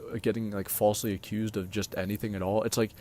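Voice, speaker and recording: A young man with a fairly low voice tells personal stories straight to his audience. He rambles loosely, full of filler words and casual swearing. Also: little pitch movement, fast, a little mellow. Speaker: vlogger. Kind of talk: casual storytime monologue.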